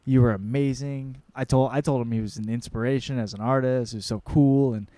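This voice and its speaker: A young man, hosting his own podcast, tells a story in a rambling, excitable way and swears often. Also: mid-range voice, fast, dry recording. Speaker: podcast host. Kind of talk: casual storytelling monologue.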